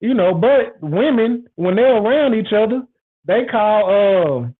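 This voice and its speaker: A man's voice: high voice, expressive, measured pace. A man hosting a show, talking frankly in a rambling, repetitive, emphatic casual monologue. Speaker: show host. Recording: tinny phone-like audio.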